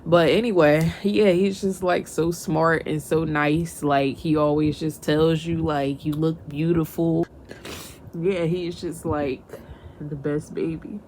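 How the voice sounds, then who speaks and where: A woman's voice: sits low, fairly even intonation, slow, darkish tone. A young woman chatting casually in her home kitchen as a mom vlogger. She laughs often and gets teary and sentimental as she talks. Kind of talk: casual kitchen vlog chat. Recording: noisy home recording.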